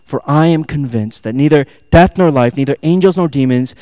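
A man preaches a sermon in a high, smooth voice. He moves between forceful emphasis and quiet, hushed asides, acting out the lines he quotes. The room sounds dry. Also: fairly quick, hardly any pauses, no echo. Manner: swings from loud emphatic preaching to soft near-whispered asides; quotes and acts out lines, laughs at himself. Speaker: pastor.

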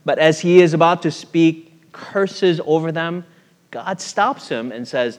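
A man's voice: a little high, lively intonation, moderate pace. A male pastor preaching a sermon in a conversational, storytelling way, often asking his listeners questions. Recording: long hall reverb.

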